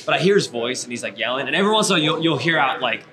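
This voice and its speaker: A man's voice: mid-range voice, lively intonation, racing, crowd noise. A man who is a runner, chatting casually on a podcast in a rambling way. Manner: rambling, laughs often.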